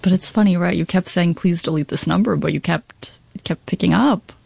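A podcast host narrating a documentary story and asking measured, probing questions of a guest. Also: mid-range voice, gravelly, darkish tone, husky, no room sound.

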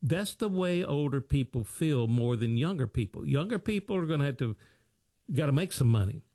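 Here the American money-show host talks at a normal speed with lively intonation, his fairly high voice mellow. His radio-style monologue is folksy and repetitive, packed with old sayings and rhetorical questions, recorded dry in a studio.

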